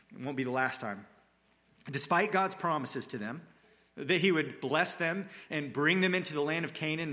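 A man's voice: a little high, pushed and bright. A man preaching a sermon, telling the scripture story in an earnest, dramatic way. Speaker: pastor.

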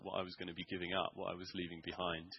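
A man preaching in church, telling a personal story earnestly with frequent pauses, ums and restarts. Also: deep voice, monotone, gravelly, dull audio, a little hiss or hum. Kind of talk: sermon testimony.

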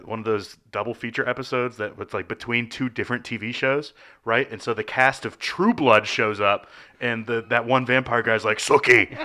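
A man co-hosting a podcast, giving a rambling, deadpan comic recap in casual chat. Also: lowish voice, clean tone. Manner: rambling, deadpan jokey storytelling. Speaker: podcast co-host.

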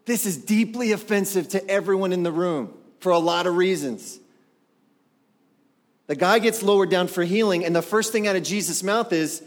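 A male pastor preaching a sermon in an animated way, asking the congregation rhetorical questions. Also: high voice, normal speed. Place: church sanctuary. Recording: long hall reverb.

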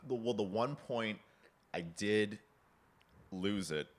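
A very deep-voiced man in a relaxed podcast conversation. He tells stories with energy and often slips into quick impressions of the people he describes. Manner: animated storytelling, acts out quoted lines, laughs often. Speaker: podcast guest discussing film. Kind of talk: casual chat.

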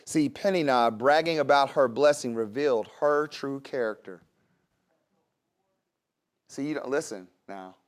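A man's voice: mid-range voice, a little slow, long pauses. A man preaching a sermon in a conversational way, with laughs and asides to the congregation. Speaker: pastor.

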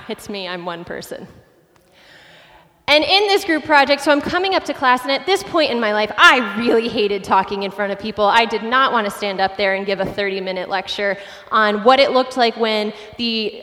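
A woman pastor in her late twenties, preaching a sermon with animated, self-deprecating personal stories. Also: a little high, long reverb tail.

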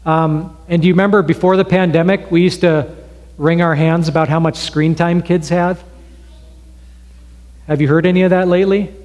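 A man preaching a sermon in a church, telling an illustration story in a conversational way with pauses. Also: fairly high pitch, fairly even intonation, darkish tone, dull audio. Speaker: pastor. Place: church sanctuary. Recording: long reverb of a hall.

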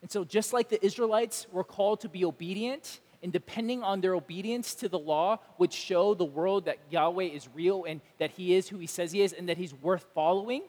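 A man pastor preaching a sermon, animated and emphatic, acting out imagined dialogue. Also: high voice, a little fast, few pauses, long reverb tail.

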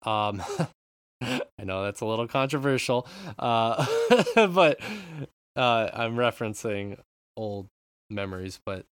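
Brief: male podcast host, mid-pitched, dry close sound, chatty and animated. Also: takes it slowly, smooth, no room sound. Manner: animated, swears freely, rambling asides. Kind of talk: casual chat.

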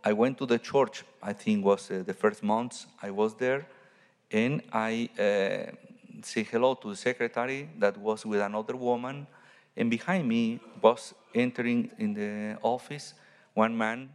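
Priest giving a homily, halting non-native English, lowish man's voice, long church reverb. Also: fairly even intonation. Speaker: Catholic priest.

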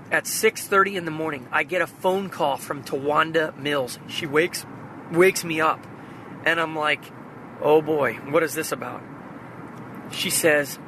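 A man's voice: a little high, fairly bright tone, a little hiss or hum. A man earnestly retelling a phone call in a personal faith vlog, recorded in a car. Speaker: vlogger.

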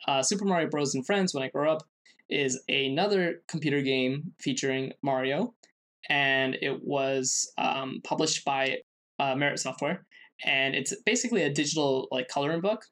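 A man co-hosting a podcast, presenting a researched segment in casual chat, halting with many fillers and restarts. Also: mid-range voice, a bit bright. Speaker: podcast co-host.

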